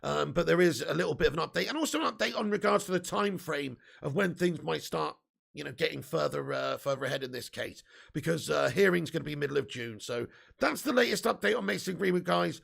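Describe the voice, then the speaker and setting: A man hosts a live fan stream, talking fast and loose with viewers. His voice sits high for a man and is heavily gravelly and rough. He swears freely and gets riled up easily in his banter. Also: animated, fairly bright tone. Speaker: football fan channel host. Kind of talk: live-stream chat reading super chats.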